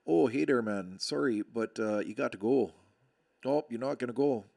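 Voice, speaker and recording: A man's voice: mid-range voice, moderate pace, gravelly, darkish tone. A man putting on an overly polite Canadian police officer with a folksy, apologetic manner and a Canadian accent.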